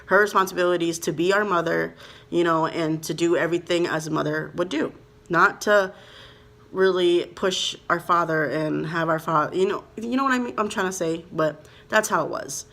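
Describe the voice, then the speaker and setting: A young woman from Minnesota tells a personal story straight to her viewers in a casual vlog. Her voice sits a little low. She rambles, leans on "like" and "you know," and speaks with open, heartfelt emotion. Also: normal speed, fairly bright tone. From Minnesota, USA. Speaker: vlogger.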